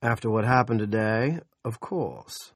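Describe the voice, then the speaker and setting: A man voicing a smug, scheming middle-aged male town politician who speaks slowly and condescendingly. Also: fairly low pitch, breathy edge, no room sound, studio quality. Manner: slow, condescending and self-satisfied.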